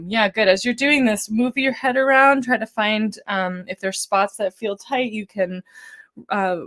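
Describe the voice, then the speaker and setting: A woman leading a live-streamed vocal warm-up as a voice coach, talking gently and encouragingly in a casual way, with some ums. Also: mid-range voice, steady tone, measured pace.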